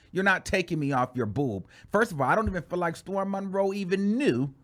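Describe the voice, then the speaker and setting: High, lively-voiced man dishing gossip. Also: fairly quick. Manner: animated and dramatic, with sassy asides. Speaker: commentary show host. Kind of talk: gossip commentary.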